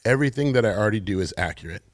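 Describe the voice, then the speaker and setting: Playful man co-host, lower voice. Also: animated, no echo, studio quality. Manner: playful, teasing, quick to laugh, uses analogies. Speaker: podcast co-host. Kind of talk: casual podcast conversation.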